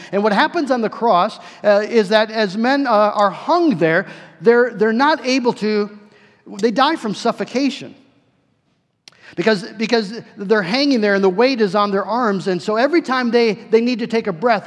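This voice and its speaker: A man preaching a sermon as pastor, earnest, slowing down and swelling his voice for emphasis, often repeating words. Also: high-pitched. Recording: long hall reverb.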